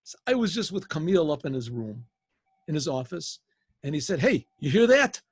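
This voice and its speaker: A friendly, easygoing building superintendent tells what happened in a chatty, offhand manner, as a man voicing him in a story. The voice sits high and a little husky, and the sound is dry and close. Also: sing-song, brisk, a little mellow, dry recording.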